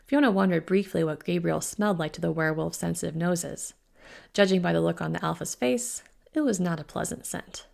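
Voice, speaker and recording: Gravelly-voiced woman author reading her book. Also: on the low side, a little fast, a little mellow. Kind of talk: audiobook narration.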